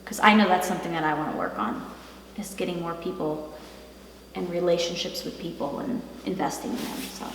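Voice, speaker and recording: A woman in her thirties co-hosting a family vlog, talking in a warm, heartfelt, casual way. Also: fairly low pitch, animated, brisk, background noise. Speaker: vlog host. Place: large empty house, indoors. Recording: echoey empty room, far from mic.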